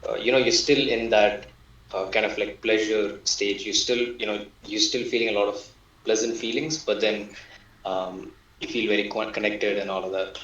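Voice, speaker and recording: Hesitant low-voiced man on a distant, dull mic. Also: steady tone, moderate pace, a bit bright, echoey room. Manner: hesitant, searching for words, many fillers. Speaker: meditation participant. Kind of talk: casual sharing of experience.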